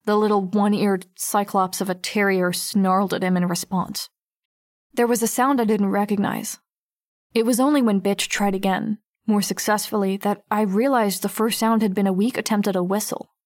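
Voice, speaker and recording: A wary teenage girl, read by a woman, narrates her own story in an audiobook. The voice is mid-pitched and steady with an edge of tension. The recording is dry and close. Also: moderate pace, no room sound, natural voice. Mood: tense. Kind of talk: first-person audiobook narration.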